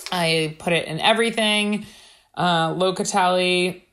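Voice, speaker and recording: A woman with a Long Island accent talking in a relaxed, blunt way. Her voice sits a little low, and she swears and laughs easily in casual conversation. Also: a little slow. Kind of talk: casual chat.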